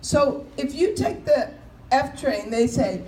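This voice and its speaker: A woman's voice: high voice, slow pace. A woman comedian doing a chatty stand-up set, telling stories and mimicking voices and subway announcements. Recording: echoey room with faint noise.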